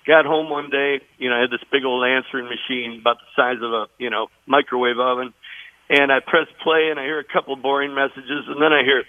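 An older man from Illinois, a songwriter guest, telling stories in an animated way and acting out the voices. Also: mid-range voice, a little fast, dry recording, phone-quality sound. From Illinois, USA. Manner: lively, acts out voices and sings riffs. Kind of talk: animated storytelling interview.

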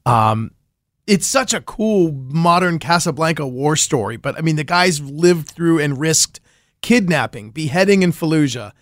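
Guy on a radio show telling a wild story, fairly high voice, dry studio sound, laughs a lot. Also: expressive, a little slow, no echo. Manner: enthusiastic storyteller, laughs often. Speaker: podcast host and reporter. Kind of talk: casual radio interview chat.

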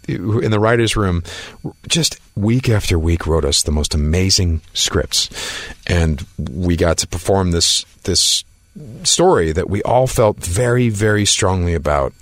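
A man with a very low voice tells an interview story, acting out the other people in it and tripping over his restarts. The sound is dry and close, with no room around it. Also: expressive, measured pace, no echo. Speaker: actor guest.

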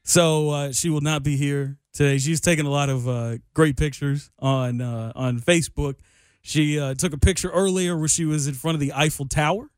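A man's voice: fairly high pitch, steady tone, normal speed, clear, resonant tone, no room sound, clean studio sound. Rambling male sports radio host. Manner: loose, rambling, self-deprecating. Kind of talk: casual sports radio talk. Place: radio studio. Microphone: studio microphone.

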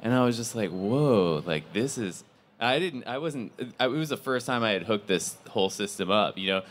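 A man moderating a casual panel discussion, rambling with frequent restarts and growing animated as he tells stories. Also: mid-range voice, fairly quick. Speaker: panel moderator, company CEO.

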